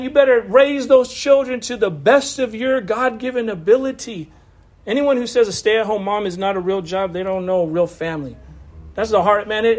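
A man with a high voice preaches a sermon, shifting between steady teaching and chatty asides to his listeners. He talks like he is among friends and laughs easily, and he comes through a video call. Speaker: pastor.

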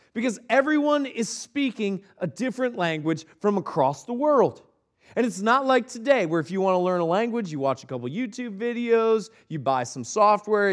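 Male pastor, sermon, high voice, very lively pitch, dramatic quiet drops. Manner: animated, dramatic drops to low quiet emphasis; joking asides.

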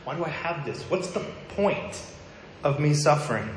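A man's voice: a little high, expressive, moderate pace, slight background noise. Man preaching in an echoey church hall. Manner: candid conversational storytelling with wry asides. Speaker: pastor. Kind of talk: sermon. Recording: echoey hall with long reverb.

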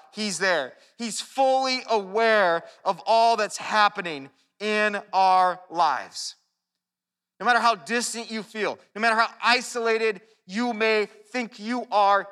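Bright-voiced male preacher in a reverberant hall. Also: sits high, smooth. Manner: earnest, animated preaching with repeated restarts. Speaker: pastor. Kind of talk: sermon.

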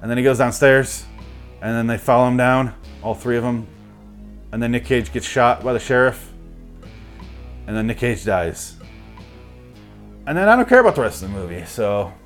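A man casually recapping a movie in a rambling, profane, sardonic way. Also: mid-range voice. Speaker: movie reviewer.

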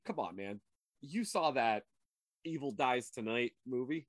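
A man's voice: medium pitch, animated, a little slow, no room sound. Rambling man on a dry video call. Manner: rambling, crude and stumbling over names. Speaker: podcast co-host. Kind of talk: casual chat.

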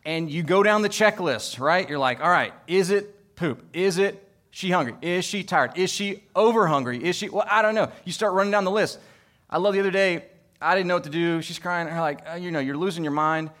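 A male pastor preaching with a somewhat high voice. He hammers repeated lines into loud peaks, then sinks to soft, quiet moments. He also drops into casual family stories. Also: normal speed. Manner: tells homely family stories. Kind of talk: sermon.

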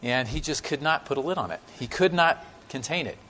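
A man preaching a sermon with stories to a church congregation, talking in a conversational way with many fillers and dramatic pauses. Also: mid-range voice, animated, sharp tone. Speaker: guest preacher.

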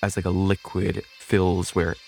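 A man playing a tabletop game, describing his wizard's spellcasting in a measured, drawn-out way. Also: deep voice, little pitch movement, vocal fry, a little mellow, faint music behind. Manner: measured, drawn-out, in-character declarations. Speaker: player. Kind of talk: tabletop role-play narration.

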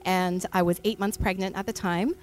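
A woman's voice: mid-range voice, fairly even intonation, moderate pace. A woman in her thirties preaching a sermon in a church, speaking into a stage microphone in a chatty storytelling way with many fillers. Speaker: pastor.

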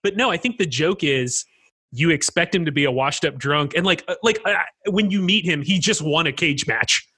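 A man co-hosting a podcast in casual chat, excitedly riffing and laughing as he pitches ideas. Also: breathy edge. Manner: excited, laughing, riffs with quick impressions. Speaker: podcast co-host.

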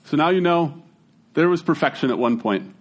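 A man, giving a casual, conversational sermon as a pastor, with folksy, animated storytelling. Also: on the high side, normal speed.

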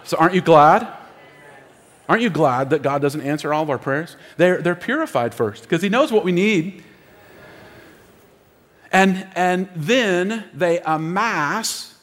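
A man preaching a sermon as pastor, emphatic and repeating phrases for effect, in a church auditorium. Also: on the high side. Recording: long hall reverb.

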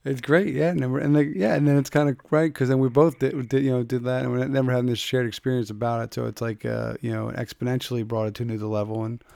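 A male podcast host chatting casually, quick and enthusiastic, with stumbling restarts. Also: mid-range voice, flat delivery, creaky, mellow, no room sound, clean studio sound. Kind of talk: casual interview chat.

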